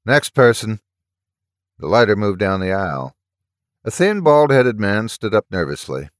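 A man's voice: fairly low pitch, very animated, normal speed, no room sound, clean studio sound. A man doing scripted narration of a science-fiction horror story in a dramatic storytelling manner.

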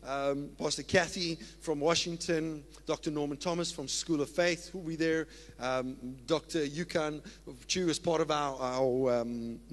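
South african pastor preaching all fired up, kinda high voice, big echoey church. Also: male voice. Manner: excited, emphatic preaching. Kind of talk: sermon. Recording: long reverb of a church hall.

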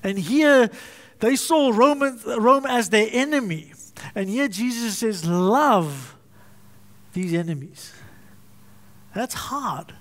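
A man's voice: very high voice, slow pace, a bit bright. A male pastor preaching a sermon, emphatic and fond of repetition and alliteration.

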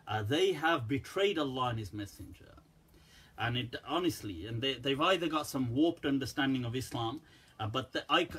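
A middle-aged man, a teacher answering questions in a casual talk, who laughs often and tells stories in a lively, mocking way. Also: mid-range voice, slightly rough.

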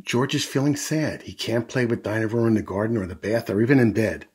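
A man's voice: fairly low pitch, fairly quick, husky. A man reading a picture book aloud to children as a storyteller, adding friendly asides to young listeners.

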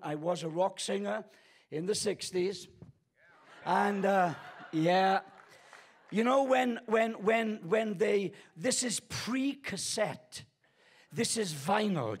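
A guest pastor in his sixties preaches a sermon in a church auditorium on a stage microphone, telling stories full of humor and self-deprecating jokes. He has a high voice with a breathy edge.

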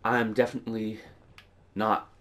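A man's voice: on the low side, level tone, moderate pace, fairly bright tone. A young man with a cold and a congested nose, giving casual, rambling gameplay commentary with frequent swearing. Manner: profane, irritated, rambling. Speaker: gaming video creator.

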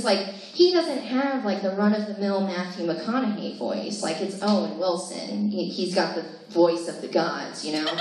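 A young woman in her twenties doing a chatty, self-deprecating stand-up set full of fillers at a live comedy show. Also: mid-range voice. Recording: echoey room, distant mic, faint noise.

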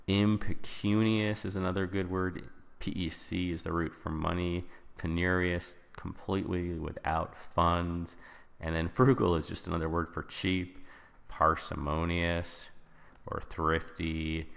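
Deep gravelly guy going over test vocab, kinda off the cuff, echoey reverb. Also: a bit bright. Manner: informal, thinks aloud with restarts. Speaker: SAT prep tutor. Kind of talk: explaining vocabulary in a test-prep video.

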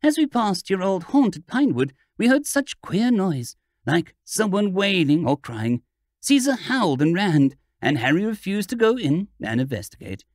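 Reading an audiobook, a man voices a frightened young woman who is breathless and urgent, pitching his voice high above his own in an exaggerated, lively way. The delivery is a little slow with big pitch swings, recorded dry with clean studio sound.

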